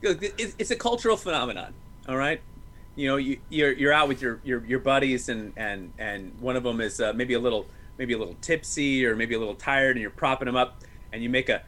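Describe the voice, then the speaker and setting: A man in his thirties co-hosting a podcast, chatting casually about movies in a jokey, animated way with many restarts. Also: mid-range voice, fairly quick. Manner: jokey, animated, self-interrupting. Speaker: podcast co-host. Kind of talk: casual movie-review chat.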